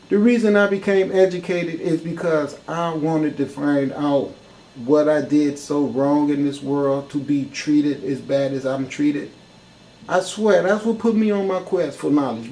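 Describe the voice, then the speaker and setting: A man's voice: on the high side, dark tone, a little hiss or hum, poor audio. A man giving an impassioned, profane talk full of rhetorical questions. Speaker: speaker in a discussion.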